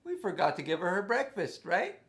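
A man's voice: sits high, big pitch swings, fairly quick, fairly bright tone. A man leading a playful interactive music lesson for young children, coaxing them to join in with a sing-song delivery.

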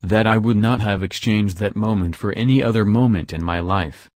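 A man narrating an audiobook in an even, measured reading voice. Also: fairly low pitch, no echo, studio quality. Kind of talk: scripted narration.

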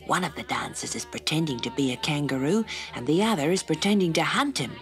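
A woman voicing a gentle, hushed mother kangaroo. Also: lively intonation, brisk, faint music behind. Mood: grave. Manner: low, hushed and breathy. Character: gentle motherly female kangaroo, weary and protective.

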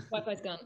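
A woman's voice: mid-range voice, a bit bright, slight background noise. Chatty, playful woman podcast co-host. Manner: chatty, playful, laughs often. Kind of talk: casual podcast banter.

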